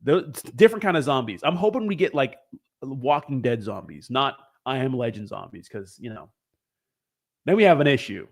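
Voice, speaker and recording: A man's voice: medium pitch, expressive, moderate pace. A young man hosts a casual livestream and rambles loosely to his viewers. He swears freely, jokes with the chat, and drifts from topic to topic in an easygoing, unscripted way. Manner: rambling, profane, joking with chat. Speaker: crypto livestream host.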